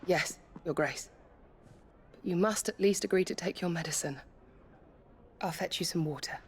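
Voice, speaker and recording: An actress voicing a gentle, devoted female attendant in a video game, speaking in a breathy, hushed way. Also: fairly low pitch, moderate pace, a little hiss or hum, natural voice. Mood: worried.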